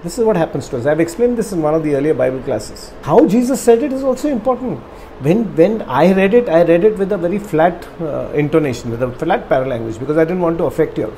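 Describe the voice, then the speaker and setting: A man's voice: a little high, animated, fast talker, warm tone, a little hiss or hum, rough recording. A man teaching a Bible study class, explaining in a conversational way and often checking in with his listeners.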